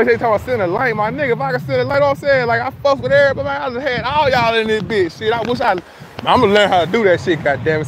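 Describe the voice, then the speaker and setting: A man's voice: very high voice, fairly bright tone, slight background noise. A middle-aged man hosting a casual outdoor livestream, talking loosely and profanely, laughing often and answering comments. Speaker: livestream host. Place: outdoors at a beach.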